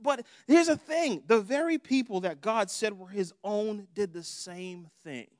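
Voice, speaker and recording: A man's voice: sits high, measured pace, a little mellow, dry recording, clean studio sound. A young adult man preaching a sermon in a conversational way, acting out prayers in different voices. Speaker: pastor.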